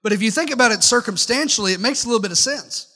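A man preaching a sermon in a high, bright voice that carries a long reverb through the church sanctuary. He talks conversationally with wry asides and keeps putting questions straight to his listeners. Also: animated, very fast. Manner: conversational, questions the congregation directly. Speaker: pastor.

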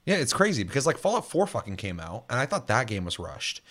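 A man's voice: mid-range voice, fast. Guy ranting about games, swears a ton, voice bouncing all over the place. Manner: animated, swears a lot, acts out quoted voices. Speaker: podcast co-host. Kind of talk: casual gaming chat.

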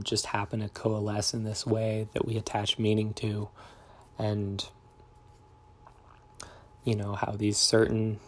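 Young male vlogger, low and monotone, soft-spoken and meandering, confessional tone. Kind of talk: confessional diary vlog.

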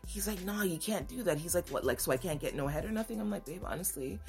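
A woman's voice: fairly low pitch, expressive, quick pace, gravelly, darkish tone, soft background music. A woman hosting a podcast, telling a frank personal story and acting out both sides of the dialogue. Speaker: podcast host. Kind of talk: candid storytelling monologue.

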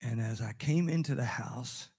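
An older man preaching a sermon, telling a family story with loud exclamations and hushed asides. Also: medium pitch, moderate pace, slightly rough. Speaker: pastor.

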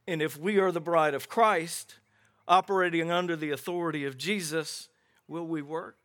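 A middle-aged man preaching a sermon as pastor, telling Bible stories with animated voices for the characters. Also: fairly high pitch, normal speed. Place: outdoor gathering without a building.

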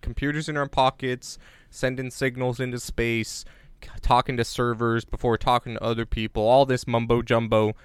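A man co-hosting a podcast in casual chat, rambling with jokey deadpan asides. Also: medium pitch, moderate pace, hardly any pauses, clear, resonant tone, no echo. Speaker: podcast co-host. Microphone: remote recording on separate devices.

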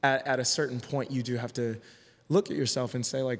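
A man's voice: mid-range voice, fairly even intonation, a little fast. A man talking as a podcast guest in a casual conversation, earnest and hesitant, often restarting his sentences. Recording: long hall reverb.

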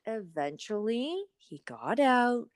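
A woman in her thirties co-hosting a podcast, chatting casually and telling animated stories. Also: a little high, slow, no echo, studio quality. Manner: animated storytelling, acts out inner voices. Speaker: podcast co-host. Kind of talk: casual chat.

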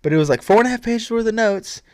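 A man's voice: high voice, animated, quick pace, dry recording. A young man co-hosting a podcast, joking and teasing his friend in casual banter. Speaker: podcast co-host. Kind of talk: casual chat.

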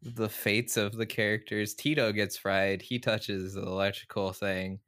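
A man co-hosting a casual podcast about films, rambling with frequent laughs and halting restarts. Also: on the low side, level tone, a bit bright, no echo, clean studio sound. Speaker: podcast co-host. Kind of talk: casual film discussion.

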